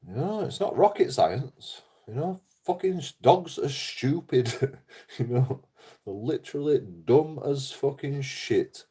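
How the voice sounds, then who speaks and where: A man's voice: mid-range voice, lively intonation, slow pace, dark tone, husky. A man talking in a casual, rambling monologue, blunt and full of swearing, often laughing. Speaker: YouTuber.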